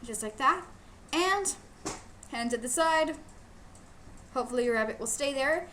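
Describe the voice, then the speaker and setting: A woman's voice: high voice, expressive, measured pace, fairly bright tone, slight background noise. A woman instructor teaching youth how to show rabbits, playful and emphatic, repeating her key points. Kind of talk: casual instructional video.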